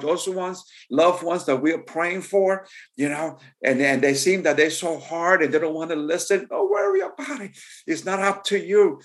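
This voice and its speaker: A male preacher delivering a sermon in a voice of ordinary pitch. He builds his phrases through repetition and breaks out in fervent exclamations. His speech is full of stumbling restarts. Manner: stumbling restarts, repeating words.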